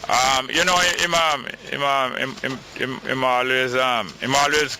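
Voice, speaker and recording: A man's voice: mid-range voice, steady tone, measured pace, pushed and bright, a little hiss or hum, low-quality recording. A man with a Jamaican accent hosting a call-in radio talk show, reading listener texts and commenting in patois.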